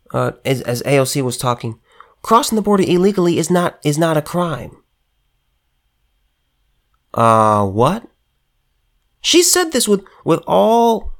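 A man delivering an impassioned political rant straight to his viewers, emphatic, stumbling over restarts and repeating himself. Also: fairly high pitch. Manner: emphatic, repetitive, stammering restarts, addresses viewers directly. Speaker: political commentator.

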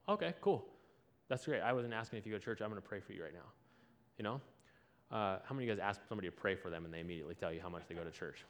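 A man's voice: mid-range voice, fairly bright tone. A man preaching a sermon, telling a story and acting out both people in the conversation.

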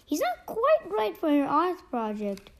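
A woman's voice: extremely high pitch, wildly swooping pitch, measured pace, pitched above the performer's own voice, full character voice. A woman voicing a polite, chatty pixie. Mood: amused. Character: chatty, helpful male pixie. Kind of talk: storybook reading.

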